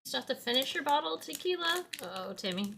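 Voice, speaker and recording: A woman's voice: high-pitched, big pitch swings, quick pace, creaky, fairly bright tone. A woman friend chatting and teasing in an online voice chat. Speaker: friend on the stream. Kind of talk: casual chat.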